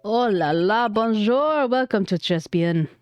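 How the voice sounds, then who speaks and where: Brief: fussy male chef with an overdone French accent, high and showy, played by a woman. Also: fairly even intonation, brisk, a little mellow, highs cut off, faint music behind, close to an everyday voice. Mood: flamboyant. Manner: exaggerated French accent, flowery.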